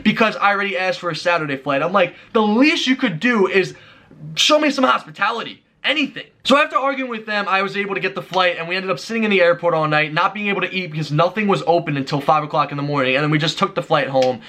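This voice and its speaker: A young vlogger with a high-pitched, pushed and bright voice rants quickly through a frustrated travel story. Exasperated, he acts out the quoted exchanges.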